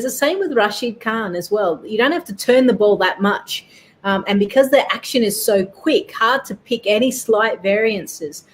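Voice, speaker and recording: A woman giving relaxed cricket analysis on a talk show. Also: mid-range voice. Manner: easygoing, measured, with fillers. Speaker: cricket pundit.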